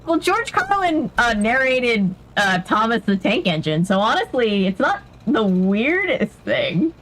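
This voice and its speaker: A woman's voice: a little high, very animated, a little slow, a bit bright, a little hiss or hum. A woman chatting casually while playing a video game, laughing often. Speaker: podcast co-host. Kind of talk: casual chat while gaming.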